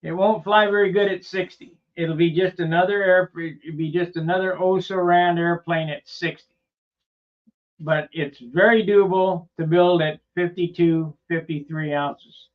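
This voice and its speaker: A man's voice: on the high side, fairly even intonation, measured pace, lo-fi sound. Plainspoken man rambling in a workshop vlog. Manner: rambling and plainspoken, with loose asides. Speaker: model airplane builder and channel host.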